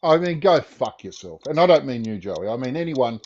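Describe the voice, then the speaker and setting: A man's voice: medium pitch, big pitch swings, normal speed, darkish tone, muffled recording. A man on a live stream panel debate, arguing emphatically and profanely and checking in with the listener. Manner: emphatic and profane, keeps asking "right?".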